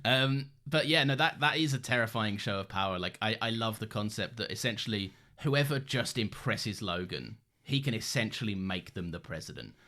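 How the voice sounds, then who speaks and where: A man's voice: on the low side, lively intonation, normal speed, hardly any pauses, pushed and bright. A man co-hosting a podcast, chatting casually about a TV show with enthusiasm and lots of laughter. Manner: enthusiastic, laughs often, many fillers. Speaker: podcast co-host.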